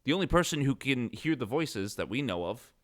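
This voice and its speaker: A man's voice: medium pitch, sing-song, fairly quick. A man co-hosting a casual book podcast, playful and teasing as he talks through ideas. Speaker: podcast co-host.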